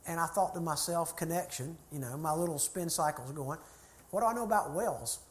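A man's voice: fairly high pitch, a little fast. A middle-aged man, a church consultant telling a folksy, chatty story to a group. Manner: folksy, chatty anecdotes with laughter.

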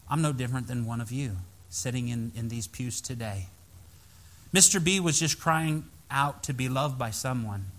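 A male pastor preaching a sermon in a church, telling a story with animated, emphatic rises in his voice. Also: medium pitch, normal speed.

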